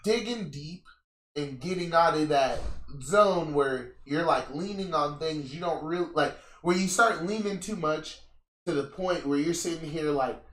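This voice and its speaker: A man's voice: fairly high pitch, measured pace, fairly bright tone. A man hosting a casual chat, telling a story with lots of swearing and acted-out quotes. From US Southwest. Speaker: host. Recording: echoey room.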